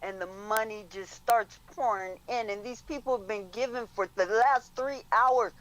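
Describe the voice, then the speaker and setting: A woman's voice: on the high side, normal speed, highs cut off. A woman co-hosting a live stream, chatting casually and gushing in an effusive way. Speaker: co-host reading donations. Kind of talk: casual livestream chat.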